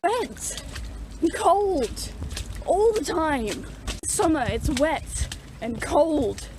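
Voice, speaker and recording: A woman's voice: high voice, very animated, extremely slow, background noise. A woman ranting to camera in an exasperated, profane way. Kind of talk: casual rant to camera.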